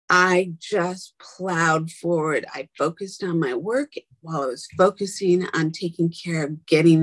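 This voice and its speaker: Angry, profane woman with a breathy voice. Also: lowish voice, no echo, rough recording. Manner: angry, blunt and profane, with whispered asides. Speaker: patient telling her own story. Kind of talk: candid personal monologue.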